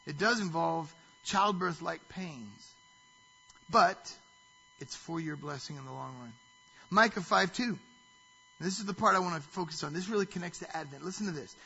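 A man's voice: sits high, creaky, sharp tone, husky, dull audio. A man preaching a sermon as pastor, reading scripture aloud and stopping to put rhetorical questions to the listeners.

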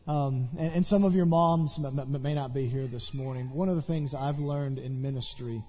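A man's voice: mid-range voice, normal speed, mellow, lo-fi sound. A man from Tennessee, a pastor giving an earnest, heartfelt church talk and leading prayer. He stumbles over his words and repeats them.

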